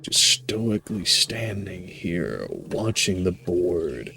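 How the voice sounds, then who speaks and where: A man's voice: on the low side, big pitch swings, a little slow, creaky. A man giving casual, wry gameplay commentary as host, playfully joking about what he sees. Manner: wry, playful, laughs at the game. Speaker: let's play host.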